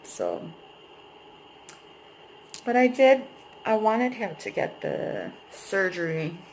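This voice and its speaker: A woman's voice: mid-range voice, huge pitch swings, takes it slowly, darkish tone, a little hiss or hum, low-quality recording. A young adult woman vlogging, venting at length about a painful breakup in a rambling, emotional way and swearing freely. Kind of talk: personal venting vlog.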